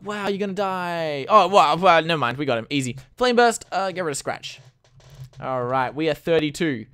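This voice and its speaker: A man giving casual, excitable commentary on a game he is playing, moving from quiet mumbling to sudden loud outbursts. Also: on the high side, normal speed, clear, resonant tone. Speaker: gaming YouTuber. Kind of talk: casual Let's Play commentary.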